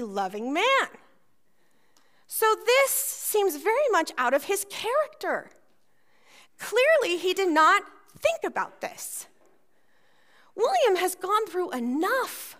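A woman's voice: extremely high pitch, a little slow. A woman pastor preaching a sermon, telling a personal story and acting out the voices in it. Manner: animated storytelling, acts out voices.

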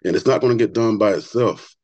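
A man's voice: on the low side, fast talker, dry recording, muffled recording. Earnest man telling stories, dry sound. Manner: earnest, animated storyteller; repeats words when excited. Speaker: barber and author, podcast guest. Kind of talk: conversational interview storytelling.

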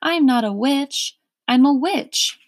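A pleasant old witch speaks in a soft, unhurried and reassuring way, as a woman reads her lines. The storybook voice sits higher than the reader's plain tone and comes over a dry, close sound. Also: animated, no room sound. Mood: gentle. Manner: soft-spoken, casual and reassuring. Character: kindly old female witch, gentle and polite.

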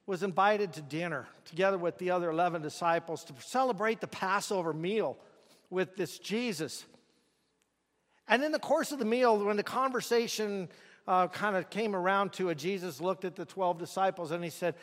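Male preacher with a high voice, dramatic storyteller who asks the room rhetorical questions, heard with long hall reverb. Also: expressive, moderate pace, fairly bright tone. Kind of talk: sermon.

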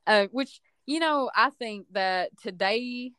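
A woman co-hosting a casual movie review podcast, opinionated and animated, often acting out quotes. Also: on the high side, slow pace, no echo, studio quality. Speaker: podcast co-host.

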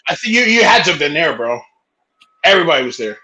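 A man's voice: fairly high pitch, big pitch swings, fast, sharp tone, low-quality recording. A young man in casual chat, loosely rambling through a story and restarting his sentences.

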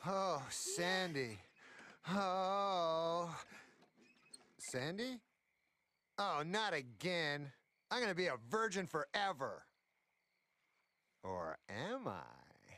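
A male grim reaper from a cartoon, moping in a dry, self-deprecating grumble. His voice sits a little high and swings widely in pitch, with a slow, drawn-out delivery. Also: big pitch swings, bright, forceful tone, full character voice. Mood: dismayed. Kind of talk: cartoon voice acting.

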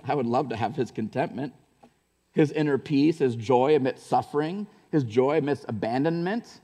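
A male pastor delivers a Sunday sermon in a relaxed, conversational way, full of asides and rhetorical questions. At times he swells into earnest, fervent emphasis. His voice sits mid-pitch and rings with the long reverb of a church hall. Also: normal speed. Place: church sanctuary.

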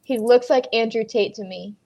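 A woman's voice: fairly high pitch, moderate pace, a little mellow. A woman hosting a podcast in casual chat, joking and laughing, swearing casually. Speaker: podcast host.

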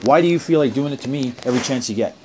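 A man's voice: mid-range voice, very fast, mellow, a little hiss or hum. Angry, profane man on a phone call. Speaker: caller in a family phone argument. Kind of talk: heated phone argument.

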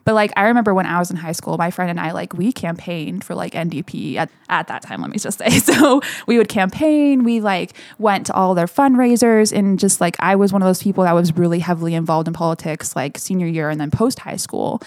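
A woman's voice: on the low side, brisk, hardly any pauses, no echo, clean studio sound. A woman, chatting casually and energetically, laughing often and saying "like" a lot. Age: 20s. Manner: energetic, laughing, heavy use of "like". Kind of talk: casual chat.

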